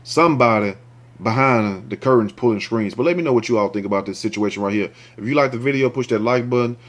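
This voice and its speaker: A man's voice: mid-range voice, quick pace. Indignant man ranting over a news story. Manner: indignant, ranting, swears freely; talks straight to viewers, asks for likes and shares. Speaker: commentary show host. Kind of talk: reading a news story aloud with angry commentary.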